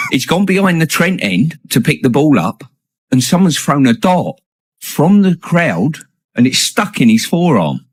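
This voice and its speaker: A man with an English accent telling a football anecdote in a steady, dry way, chuckling at the punchline. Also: medium pitch, slightly rough, no room sound. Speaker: former footballer telling stories. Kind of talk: casual anecdote.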